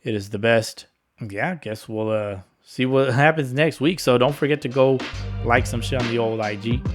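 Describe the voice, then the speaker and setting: A man hosting a casual solo sports podcast, talking in a rambling, laid-back monotone with some sarcasm and swearing. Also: mid-range voice, normal speed, soft background music. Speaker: podcast host.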